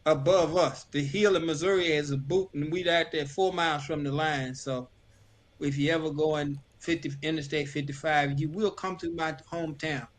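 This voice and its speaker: A man from northeast Arkansas, a guest chatting casually on a talk show in a relaxed, friendly way. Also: on the high side, moderate pace.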